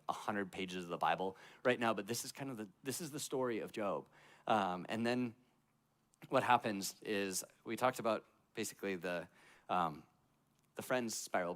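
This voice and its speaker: A young man preaching a casual, earnest sermon to a youth group as a youth pastor, often using fillers like "like" and "basically.". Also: mid-range voice.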